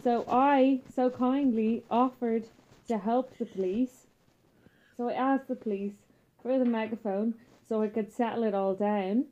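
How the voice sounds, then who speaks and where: A young Irish woman in her twenties, a guest telling stories in casual chat, lively and laughing, with plenty of fillers. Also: on the high side, a little slow. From Ireland. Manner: animated storyteller, frequent laughter and fillers. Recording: muffled, dull audio.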